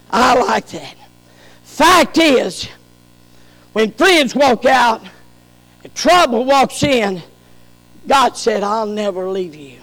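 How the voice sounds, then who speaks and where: A man preaching a sermon as pastor, rising to shouted peaks and dropping to soft, low passages. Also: in a large hall, rough recording.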